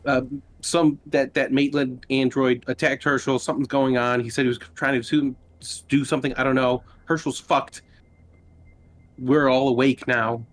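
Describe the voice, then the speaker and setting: A man's voice: medium pitch, flat delivery, moderate pace. A man speaking casually as a player in a tabletop game, hesitant and swearing.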